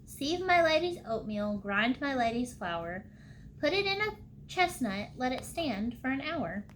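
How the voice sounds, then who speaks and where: A woman's voice: high voice, very animated, a little slow, a bit bright, slight background noise, heavily acted, low-quality recording. A woman reading a storybook and voicing a cheeky chorus of tiny mice who chant rhymes in a sing-song way.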